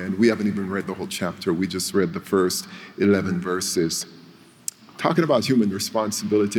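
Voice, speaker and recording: Man preaching in a reverberant church. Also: lowish voice. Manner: storytelling with dramatic pauses. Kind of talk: sermon. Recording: long reverb of a church hall.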